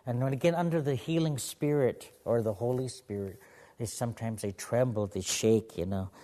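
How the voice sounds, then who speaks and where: A man from the Pacific Northwest telling stories and spiritual teachings to a gathering in a gentle, humorous way. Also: mid-range voice, normal speed, big-room sound. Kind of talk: live storytelling to a gathering.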